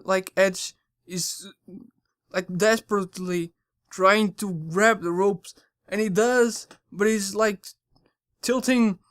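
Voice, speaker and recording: A channel host giving a casual spoken review, rambling and excitable, often stumbling and correcting their words. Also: medium pitch, dry recording, clean studio sound.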